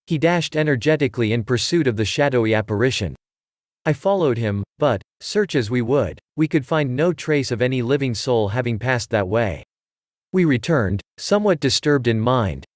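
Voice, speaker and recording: A man reading a story aloud in a measured narration style. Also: medium pitch, no room sound, studio quality. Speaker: audiobook reader. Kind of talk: scripted narration.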